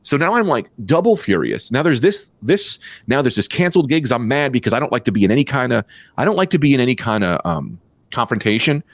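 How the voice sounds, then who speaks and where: A man telling stories on a podcast, swearing freely and ranting. His pitch leaps high and drops low as he gets worked up. The sound is dry and close, with no room echo. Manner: animated, profane, quick rants with pitch jumps. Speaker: comedian podcast co-host. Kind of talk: casual storytelling chat.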